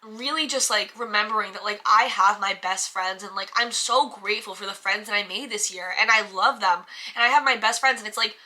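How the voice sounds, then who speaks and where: Bright-voiced chatty young woman vlogger. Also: medium pitch, fairly quick, few pauses. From United States. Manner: chatty, filler-heavy, animated self-talk. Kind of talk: casual chat to camera.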